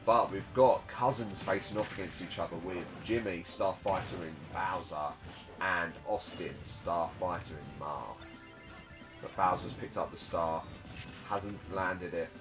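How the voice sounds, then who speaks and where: A man with a lowish voice calls a simulated fighting game tournament in a chatty, excitable way, tossing in joking asides at his own expense. Faint music plays underneath him. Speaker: tournament commentator. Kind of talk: casual game commentary.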